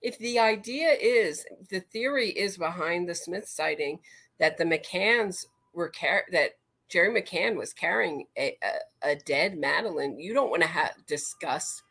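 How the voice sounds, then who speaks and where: A woman hosting a podcast, speaking emphatically in halting phrases. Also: on the low side, lively intonation, vocal fry, a bit bright, slightly rough. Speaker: podcast host. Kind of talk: casual podcast discussion.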